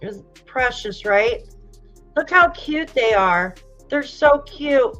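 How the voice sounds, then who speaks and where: An American woman hosts a true crime live stream, reading viewer comments in a casual, emotional, sympathetic way and softly exclaiming. Her voice is fairly high and expressive, and she speaks slowly. The recording is muffled, with faint music in the background.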